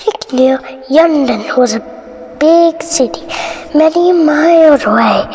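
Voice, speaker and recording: A woman with an Indonesian accent reading a bedtime story aloud in a soft, often whispery voice. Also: sits high, lively intonation, slow. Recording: reverberant room, faint noise.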